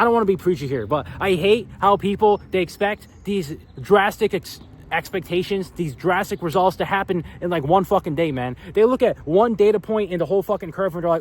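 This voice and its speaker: A man's voice: high-pitched, a little hiss or hum. A young man vlogging in a casual, profane, filler-heavy rant. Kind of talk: casual ranting monologue.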